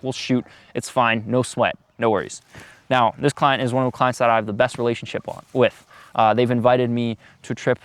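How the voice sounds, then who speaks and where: A man's voice: medium pitch, no echo. Eighteen-year-old guy, casual, lots of ums. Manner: loose, filler-heavy talk with many ums. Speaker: vlogger giving business tips. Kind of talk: casual advice vlog.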